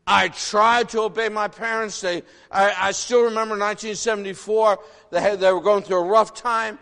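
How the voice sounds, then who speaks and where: A man in his sixties, originally from the northern United States, preaching a sermon in an animated, folksy way, full of rhetorical questions. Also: high voice, normal speed. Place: church sanctuary. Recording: long reverb of a large hall.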